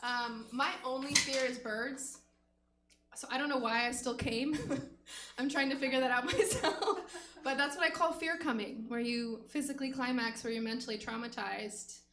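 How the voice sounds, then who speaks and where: A woman's voice: sits high, moderate pace, background noise. A woman doing a stand-up set, telling frank stories and giggling often. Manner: frank, giggly, self-deprecating storytelling. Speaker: stand-up comic. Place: comedy theater stage. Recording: echoey stage room.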